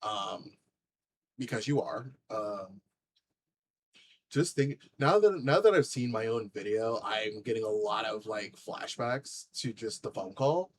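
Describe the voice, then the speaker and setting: A man's voice: on the low side, lively intonation, slow, slight background noise, poor audio. A man hosting a reaction commentary channel, talking bluntly and indignantly with lots of fillers.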